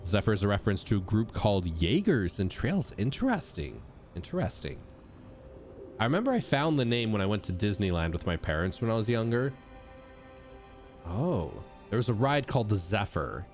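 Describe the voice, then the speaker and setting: A young male streamer talks over a game in a relaxed, chatty way, and his voice leaps up and down with excitement. He sits a little low in pitch for a man. Game music plays clearly under his voice. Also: brisk. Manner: animated, chatty, shouts out subscribers. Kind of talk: casual gameplay commentary. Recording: game music playing behind.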